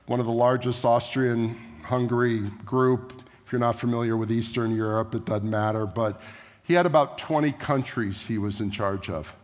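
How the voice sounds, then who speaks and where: A man preaching a sermon in a church, telling a story in a conversational way. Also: medium pitch. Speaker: pastor. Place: church sanctuary. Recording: echoey church hall.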